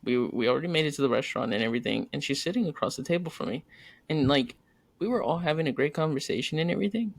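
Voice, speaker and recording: A man's voice: a little high, racing, creaky, no echo. A man co-hosting a podcast, telling a story about his wife in casual chat and acting out the quotes in different voices. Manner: animated, acts out quotes in varied voices. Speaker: podcast co-host.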